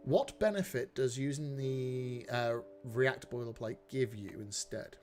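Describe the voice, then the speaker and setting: A man's voice: medium pitch, a little slow, darkish tone, soft background music. Rambling self-mocking man streaming code. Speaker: live coding streamer. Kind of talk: casual live coding stream chat.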